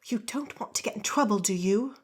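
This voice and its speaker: A woman voicing a nervous noblewoman who hisses at her husband in a low, hushed whisper. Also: lively intonation, slow pace, breathy edge, heavily acted. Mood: urgent.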